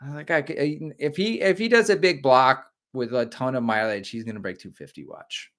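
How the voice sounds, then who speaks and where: A middle-aged man chats on a live stream at an ordinary pitch. He jokes and rambles, drifting from one aside to the next between viewer comments. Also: brisk, a bit bright. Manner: joking, rambling, reads viewer comments aloud. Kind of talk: casual live-stream chat.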